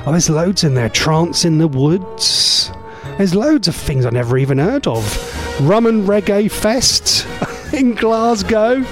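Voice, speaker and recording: Male local-radio presenter, chatty and rambling, fairly high, lively pitch. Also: slow, soft background music. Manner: rambling, chatty, laughs often. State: voice going hoarse. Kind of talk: casual radio chat.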